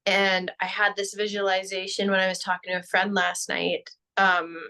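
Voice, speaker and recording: A woman's voice: medium pitch, completely flat delivery, moderate pace, pushed and bright. A woman co-hosting a podcast in casual chat, affirming her partner and sharing her own take. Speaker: podcast co-host.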